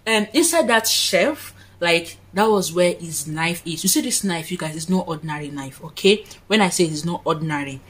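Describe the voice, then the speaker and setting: A woman's voice: fairly low pitch, expressive, normal speed, few pauses, a bit bright, slightly rough. Woman, twenties, vlogger recounting a story in her room while doing makeup, dramatic and chatty. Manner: chatty, dramatic storytelling with frequent asides to viewers. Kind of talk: casual storytime. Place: her own room, indoors.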